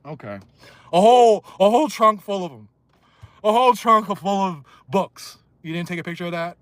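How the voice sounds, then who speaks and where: A man's voice: sits high, normal speed, clear, resonant tone, no room sound. Angry man ranting on a livestream. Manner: angry, insulting, swings between loud and muttered. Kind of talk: heated livestream rant.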